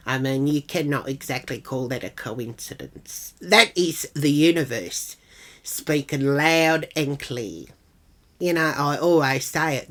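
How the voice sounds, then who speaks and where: A woman's voice: deep voice, fairly bright tone. A middle-aged Australian woman telling a comic story in a blunt, gossipy, dramatic way, swearing freely. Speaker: comic character monologuist.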